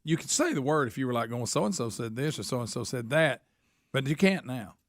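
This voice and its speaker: A man's voice: mid-range voice, animated, brisk, no echo, studio quality. A man co-hosting a radio show, chatting casually and sounding exasperated.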